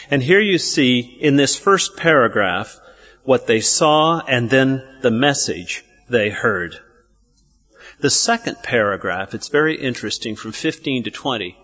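A man's voice: medium pitch, a bit bright, dull audio. A man preaching a sermon, asking his listeners questions and answering them himself. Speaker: pastor.

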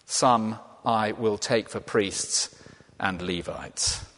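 Preacher in an echoing hall. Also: male voice, lowish voice, very slow, fairly bright tone, slight background noise. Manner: conversational, asks and answers his own questions. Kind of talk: sermon. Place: church. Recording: long reverb of a large hall.

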